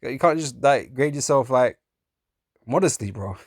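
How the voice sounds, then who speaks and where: A man preaching in a casual, profane way, often laughing, calling listeners man and bro, and reading scripture slowly in old-fashioned wording. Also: medium pitch, lively intonation, no echo, clean studio sound. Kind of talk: street-style sermon, reading scripture.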